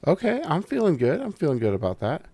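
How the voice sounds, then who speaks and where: A man's voice: a little high, fast, breathy edge, no room sound. A man chatting loosely and profanely as he unboxes and reviews a gaming mouse, joking with his viewers. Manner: profane, excitable, jokey talk to the viewers. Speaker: tech reviewer. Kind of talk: casual unboxing commentary.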